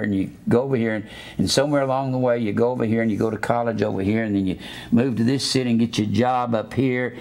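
Blunt older preacher. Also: male voice, lowish voice, a little mellow. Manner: blunt and scornful, teaches grammar. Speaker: pastor. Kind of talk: sermon.

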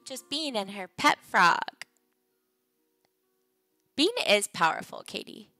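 A woman's voice: mid-range voice, expressive, takes it slowly, sharp tone, dry recording, faint music behind. A young adult woman hosting a casual game livestream, chatting playfully and joking with her viewers. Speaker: livestream host.

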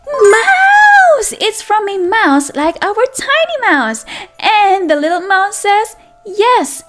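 A young woman teacher reading a picture book aloud to toddlers, in a sing-song, exaggerated way with gasps and questions for the child. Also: extremely high pitch. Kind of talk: read-aloud lesson for toddlers.

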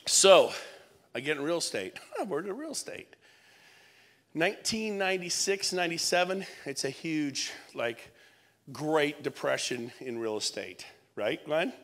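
A man in his fifties giving a lively, joking motivational speech to a live audience, often shouting for emphasis. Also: a little high, creaky. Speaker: keynote speaker. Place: event hall. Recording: long reverb of a large event hall.

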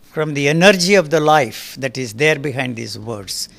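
Male guest, 80s, gravelly and forceful, hammering his points home. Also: medium pitch, expressive, moderate pace. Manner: emphatic, forceful and blunt. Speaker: interview guest. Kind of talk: fiery spoken discourse. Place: recording studio.

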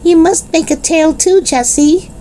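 A woman's voice: warm tone, slight background noise. A woman voicing a small cheerful, chatty boy in a children's storybook reading. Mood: eager, playful. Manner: high, slow childlike delivery.

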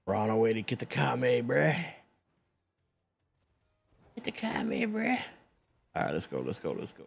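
A man's voice: mid-range voice, big pitch swings, quick pace, vocal fry, slightly rough, no room sound, faint music behind. A young man streaming a game live from his home setup on a studio condenser mic. He jokes around and throws in slang like bro and bruh. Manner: brash, joking slang, says bro and bruh. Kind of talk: casual live gameplay commentary. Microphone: studio condenser mic on an arm.

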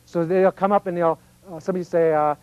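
Man, folksy lecturer, somewhat high voice, dry and slightly muffled recording. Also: steady tone, quick pace, darkish tone, clear, resonant tone, no room sound. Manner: conversational, folksy, acts out little voices of kids and parents. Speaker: speaker on personal growth. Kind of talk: informal teaching talk.

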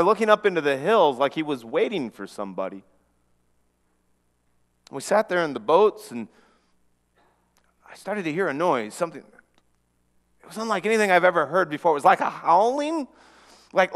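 A man preaching a dramatic first-person story, earnest, often dropping to a hush and repeating words as he goes. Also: high voice, long reverb tail. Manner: earnest, with frequent restarts and dramatic hushes.

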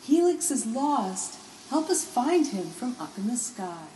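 A woman's voice: mid-range voice, sing-song, unhurried, mellow, reverberant, slight background noise, low-quality recording. A woman voicing a large female sea creature searching for a lost friend, calling urgently.

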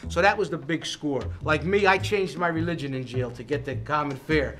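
A man's voice: fairly high pitch, moderate pace. Streetwise man telling stories while cooking. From Philadelphia. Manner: streetwise, rambling, animated storyteller. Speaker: cooking show host. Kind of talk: casual cooking demo with storytelling. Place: culinary school kitchen.

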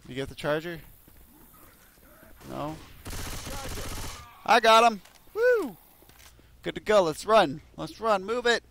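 A young man narrates his own gameplay in a high, swooping voice that jumps from mutters to yells. He swears constantly and rages at his teammates. His delivery is unhurried between bursts, with a faint hiss under the mic. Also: gravelly. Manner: profane, excitable, berating his teammates with loud outbursts. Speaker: gaming video creator. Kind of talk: live gameplay commentary.

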